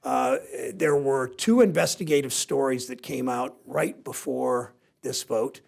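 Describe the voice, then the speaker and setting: A man in his sixties from Ohio with a raspy, gravelly voice, giving a rambling, self-deprecating keynote speech with anecdotes to a seated audience. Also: mid-range voice, unhurried, darkish tone. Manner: rambling, self-deprecating storyteller with many restarts. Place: briefing room before a seated audience.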